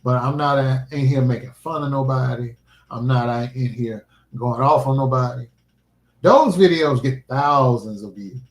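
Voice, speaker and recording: A man's voice: medium pitch, moderate pace. A man livestreaming a vlog, talking in an earnest, emphatic, preacherly way about faith and his life. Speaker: livestreaming vlogger. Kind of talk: casual heartfelt livestream talk. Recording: roomy echo.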